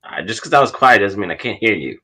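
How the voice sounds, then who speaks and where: Man, co-host, casual chat, bright forceful tone, lowish pitch, halting and questioning. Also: expressive, breathy edge. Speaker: podcast co-host.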